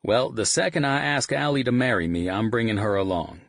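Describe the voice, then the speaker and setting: A man's voice: mid-range voice, a little fast, creaky, fairly bright tone, no echo, clean studio sound, pitched above the performer's own voice. A man doing a goofy Texan bandmate. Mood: cheerful. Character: young adult male Texan bandmate, goofy joker. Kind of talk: audiobook character voice.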